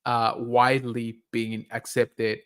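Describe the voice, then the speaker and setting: A man's voice: medium pitch, slow, smooth. Casual stream host, male, easygoing, reads chat and riffs on it, mid-range voice. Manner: relaxed and chatty, reads comments aloud and reacts with laughs. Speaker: livestream host reading viewer chat.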